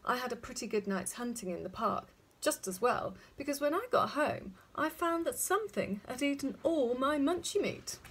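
A polite, friendly male hedgehog neighbour, as a woman puts him on in a storybook. His voice sits higher than the reader's plain narration and sounds a little husky. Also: lively intonation, moderate pace, few pauses, a bit bright, full character voice. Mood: kindly.

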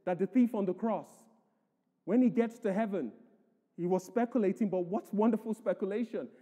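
A male pastor preaches with emphasis, his voice high-pitched yet mellow and dark in tone. He reads scripture aloud and presses each point home. The sound carries the long echo of a church hall. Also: normal speed. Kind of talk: sermon.

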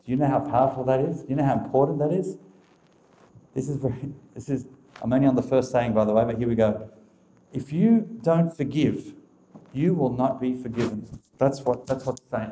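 A man's voice: medium pitch, warm tone. Emphatic male Catholic speaker, echoey room. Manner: emphatic, rhetorical questions. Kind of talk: religious teaching talk.

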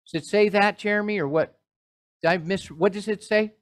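Animated male pastor preaching a sermon. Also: high voice, normal speed. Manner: animated, joking asides to the congregation.

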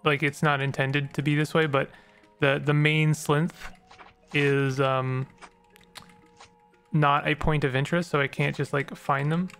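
A man's voice: a little high, flat delivery, measured pace, pauses often, fairly bright tone, soft background music. A man hosting a let's play, giving casual game commentary in a rambling way and stumbling over odd names.

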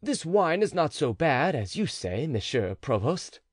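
A man's voice: fairly high pitch, sing-song, measured pace, husky, no room sound, clean studio sound, pitched above the performer's own voice, heavily acted. A man voicing a breezy, roguish nobleman held prisoner, talking in a free and easy way. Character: jaunty, roguish male marquis prisoner.

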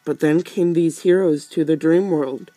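A man's voice: on the high side, fairly even intonation, a little slow, dark tone, no echo, faint music behind, natural voice. A man voicing a stately pillow prince from a video game who speaks in grand, archaic phrasing. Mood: grandiose.

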